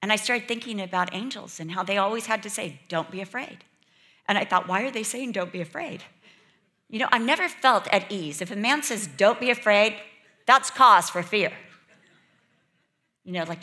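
A woman preaching a sermon, telling a childhood story with lively acted-out voices. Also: on the high side, normal speed. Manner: animated, acts out quoted voices and childhood fears.

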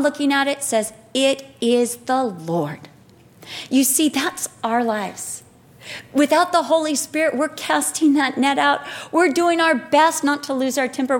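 A woman preaching a sermon, telling personal stories in a lively way, acting out what people said and laughing at herself. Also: fairly high pitch. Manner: lively storytelling, acts out quotes, laughs at herself.

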